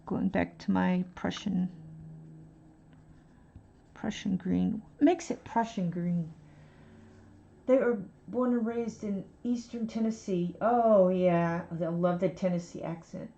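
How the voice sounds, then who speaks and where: Woman, raspy creaky voice, casual rambling art-stream chat, muffled lo-fi sound. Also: on the low side, steady tone, slow pace, long pauses. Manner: rambling, soft-spoken, thinks aloud. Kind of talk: casual chat while coloring.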